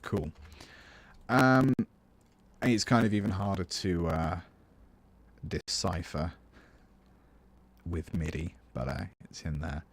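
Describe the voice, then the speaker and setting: A man's voice: sits low, slow, pauses often. A British man, a music teacher, chatting casually through a live-streamed composition tutorial and answering viewers as he works. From United Kingdom. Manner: chatty, thinks aloud, answers chat between steps.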